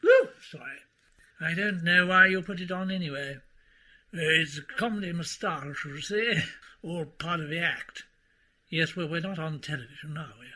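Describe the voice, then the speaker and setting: A man's voice: a little high, moderate pace, pushed and bright. An actor playing a pompous, theatrical male radio quiz host in a radio comedy. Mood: flustered.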